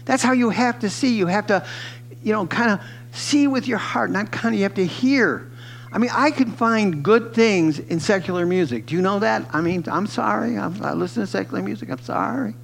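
An older man preaching a sermon in a church, excitable and exuberant, breaking into shouts and laughter. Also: high voice, normal speed, vocal fry. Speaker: pastor. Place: church sanctuary.

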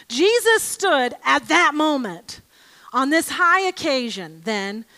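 A woman giving an informal Bible teaching, reading aloud from scripture and a commentary with emphatic, expressive delivery. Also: high-pitched.

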